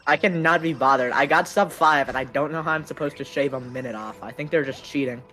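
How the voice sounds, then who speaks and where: Male streamer, slightly high voice, deadpan teasing, with game music behind. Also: fast talker. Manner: joking, offhand, teasing. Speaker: speedrunner streaming a run. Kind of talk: casual chat while gaming.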